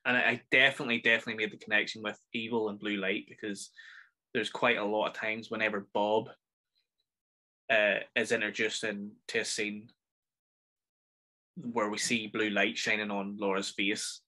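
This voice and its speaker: A man's voice: fairly low pitch, level tone, moderate pace, pushed and bright. A man with a Northern Irish accent hosting a casual film review podcast, chatty and enthusiastic as he rambles through his thoughts. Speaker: podcast host.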